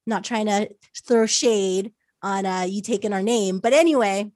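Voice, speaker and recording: A woman's voice: mid-range voice, measured pace, a little mellow, no room sound, studio quality. A woman from the United States hosting a podcast interview, chatty and casual, full of filler words. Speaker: podcast host.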